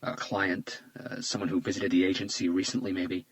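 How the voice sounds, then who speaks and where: Soft-spoken male detective, patient and probing, read by the narrator, close dry read. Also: deep voice, no room sound, poor audio. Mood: gentle. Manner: quiet, measured questioning. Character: calm male homicide detective, gentle and probing.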